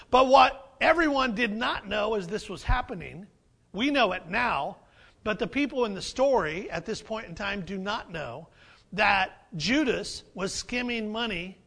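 A man's voice: sits high, creaky, fairly bright tone. A man preaching a sermon as pastor, conversational and humorous, repeating phrases for emphasis.

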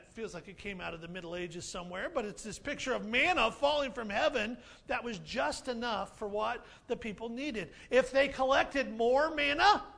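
A male pastor preaches with animation and playfulness, his high, gravelly voice carrying a bright, forward tone. He leans on repeated key phrases to hammer home each point.

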